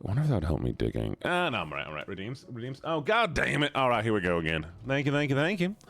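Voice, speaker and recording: A man's voice: mid-range voice, huge pitch swings, fast talker, gravelly, a bit bright. A man with a Georgian Southern accent, chatting casually with his chat and a co-player while streaming a game. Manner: laid-back, chatty, laughs often, talks to chat.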